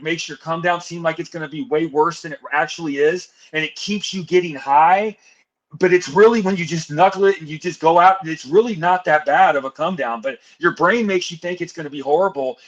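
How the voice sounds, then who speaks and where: A young man, a podcast guest telling his recovery story in a casual, animated way, full of "bro" and "dude". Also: fairly high pitch. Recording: dull lo-fi sound.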